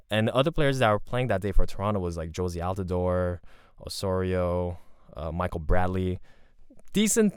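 A man telling a rambling, profane story in a casual, animated way. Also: fairly low pitch, smooth, no room sound, studio quality.

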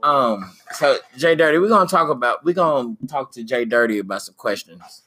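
Casting note: man host, bright forceful voice, playful and loose. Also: medium pitch, expressive, normal speed, slight background noise. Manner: joking, laughing, Southern US slang. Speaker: podcast host. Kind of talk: casual family chat.

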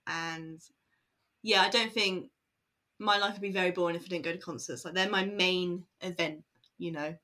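A woman's voice: fairly low pitch, fairly even intonation, normal speed, bright, forceful tone. A woman talking casually in an interview, rambling with many fillers and bursts of laughter. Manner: chatty, lots of fillers and laughter. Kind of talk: casual chat.

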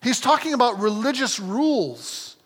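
Pastor guy preaching, chatty and animated, swoops up and down a lot, echoey church sound. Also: extremely high pitch, moderate pace, breathy edge. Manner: animated, conversational, self-correcting. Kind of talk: sermon. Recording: long hall reverb.

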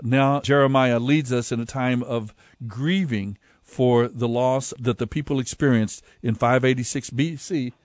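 A man hosting a bible program, calmly explaining background to the readings in a teaching tone. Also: mid-range voice, unhurried, no echo. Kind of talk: teaching introduction.

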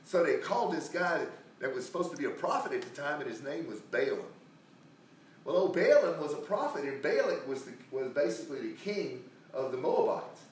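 A man's voice: fairly high pitch, very animated, fairly quick, slight background noise. A man telling a Bible story in a casual, rambling sermon, full of restarts and acted-out quotes. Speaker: preacher. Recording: echoey room, recorded from a distance.

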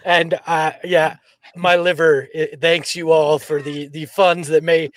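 American man, high voice, dry close mic, rowdy podcast banter, jokey rants. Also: level tone, unhurried, no room sound. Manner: boisterous, mock-defiant rants at trolls. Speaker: podcast co-host. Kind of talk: rowdy casual livestream chat.

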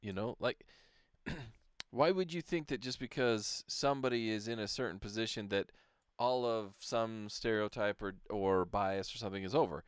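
In a relaxed podcast chat, this co-host comes across as agreeable and quick to laugh. He speaks at a moderate pace with a clean tone on the low side, recorded in a clean studio with no room sound.

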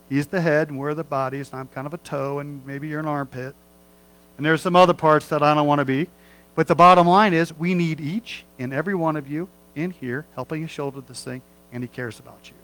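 Folksy preaching man, slightly high voice. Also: a bit bright, a little hiss or hum, rough recording. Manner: folksy, conversational preaching with asides and humor. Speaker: pastor. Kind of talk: sermon.

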